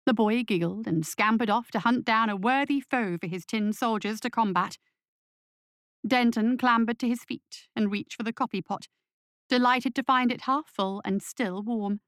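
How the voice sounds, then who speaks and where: A woman narrating an audio story in a steady, measured way. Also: on the high side, dry recording, studio quality.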